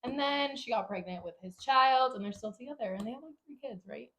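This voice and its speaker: Young woman podcast cohost, chatty storyteller, goes way up when she quotes people. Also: brisk. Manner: animated storytelling, quotes herself with big pitch jumps. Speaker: podcast co-host. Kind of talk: casual chat.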